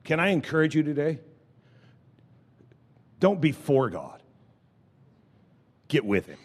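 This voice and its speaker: A man's voice: fairly high pitch, very animated, slow pace, breathy edge, big-room sound. A man preaching a sermon from the pulpit, leading call-and-response with the congregation, repeating phrases and restarting sentences. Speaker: pastor. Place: church sanctuary with congregation.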